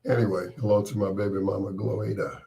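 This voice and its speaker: A man's voice: lowish voice, flat delivery, fast, vocal fry, dark tone. A man hosting a late-night radio show with a cold, chatting and joking with listeners by name. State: has a cold, congested voice. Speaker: radio host.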